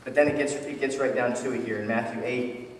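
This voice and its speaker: A male pastor preaching a sermon in a conversational, animated way, often restarting his sentences. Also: mid-range voice, a little fast. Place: church sanctuary. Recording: echoey church hall, distant mic.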